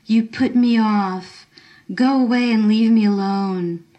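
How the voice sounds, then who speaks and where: A woman's voice: fairly high pitch, takes it slowly, warm tone, muffled recording. A woman voicing a bitter nineteen-year-old girl who sneers and snaps, as she reads a story aloud. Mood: angry. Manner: sneering, snapping.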